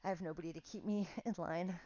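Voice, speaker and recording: A woman's voice: lowish voice, steady tone, fast, dark tone, no room sound, lo-fi sound. A woman teaching a pilates class online, counting reps aloud and chatting in a casual, self-deprecating way. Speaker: pilates instructor. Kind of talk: guided workout instruction.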